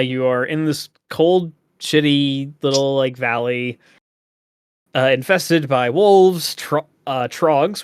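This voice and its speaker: A man's voice: medium pitch, clean tone, no echo. A man co-hosting a casual gaming podcast, rambling and laughing often. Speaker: podcast co-host.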